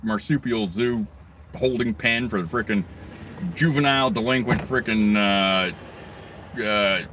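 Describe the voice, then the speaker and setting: This man's voice is on the low side and a little slow, with background noise behind it. He's a video blogger venting on his own channel in a furious, foul-mouthed rant, wandering off-topic, cursing a lot and adding sneering side remarks.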